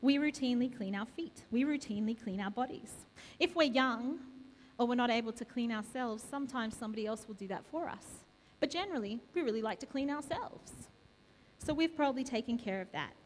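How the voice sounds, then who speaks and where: A woman with a high voice delivers a sermon to her congregation. She leans on repeated questions to draw the listeners in. Her voice carries a long reverb from the church hall around her. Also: a little fast, a little hiss or hum. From Australia. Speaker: preacher. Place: church sanctuary.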